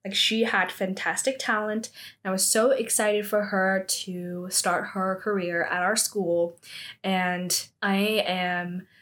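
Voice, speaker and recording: A woman voicing a composed school director in a drama recap who lies smoothly with a straight face. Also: mid-range voice, flat delivery, takes it slowly, a bit bright.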